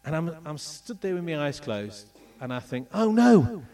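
A middle-aged man from England telling a personal testimony with slides, in an animated storytelling manner. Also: on the high side, moderate pace, far from the mic, crowd noise. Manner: animated storytelling, acts out voices and moments. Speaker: speaker telling his testimony.

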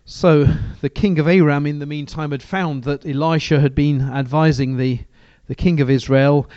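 A man's voice: mid-range voice, steady tone, moderate pace, hardly any pauses, a little mellow, dry recording, muffled recording. A man preaching a sermon and reading from the Bible, talking in a conversational way with frequent restarts.

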